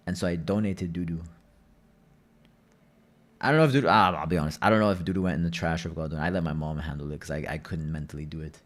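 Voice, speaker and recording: A man's voice: low voice, a little fast. A young man streaming a game, chatting and telling rambling stories with plenty of swearing. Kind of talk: casual gaming commentary.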